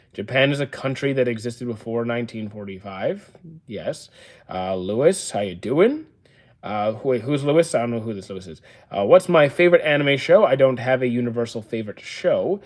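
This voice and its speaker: A man in his thirties, streaming from a room full of stored action figures. He reads chat comments aloud and answers them at a mid pitch, offhand and deadpan, with plenty of "uh" and short dry comebacks. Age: 30s. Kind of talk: casual livestream chat, reading and answering viewer comments. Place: indoor room used for storing action figures.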